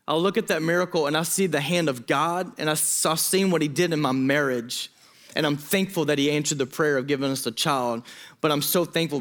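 Delivering a sermon, this pastor has a fairly high voice with a rather bright tone. He pleads earnestly and emotionally, often cutting himself off and beginning his sentences again.

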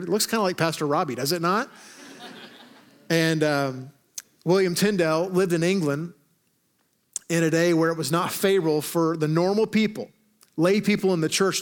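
Male pastor, slightly high voice, chatty preaching with wry humor. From Arkansas. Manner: conversational, joking preacher with lively asides. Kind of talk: sermon.

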